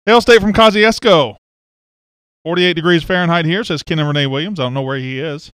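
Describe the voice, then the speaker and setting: Man, casual live-stream host, reads viewer comments, slightly high voice, dry sound. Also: brisk, a bit bright, clean tone, no echo. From Mississippi. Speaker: sports podcast host. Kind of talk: casual livestream chat. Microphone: webcam setup on a live stream.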